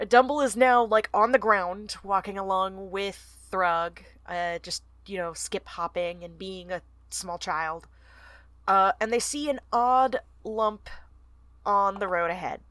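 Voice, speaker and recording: A woman's voice: mid-range voice, fairly even intonation, slow pace, a bit bright, dry recording. A young American woman co-hosting a podcast, chatting enthusiastically about a book and reading passages aloud with frequent giggles. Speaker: podcast co-host. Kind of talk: casual book-club chat and reading aloud.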